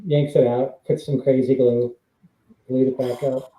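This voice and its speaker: Guy rambling through old stunt stories, super dark mellow tone, roomy echo. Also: medium pitch, little pitch movement, unhurried. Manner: rambling anecdotes with fillers, laughs between lines. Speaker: guest, former stunt double. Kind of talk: casual storytelling on a live stream.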